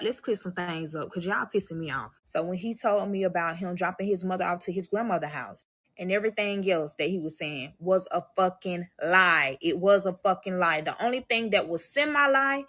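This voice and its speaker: A woman's voice: lowish voice, a bit bright. A woman, telling a dramatic, profane storytime monologue and acting out quoted voices.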